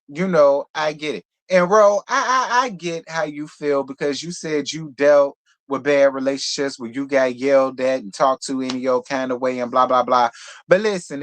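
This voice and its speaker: A man with a fairly high-pitched voice gives casual reality TV review commentary. He is blunt, profane and outspoken, and he talks like an animated gossip who never holds back his opinions. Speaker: reality TV recap host.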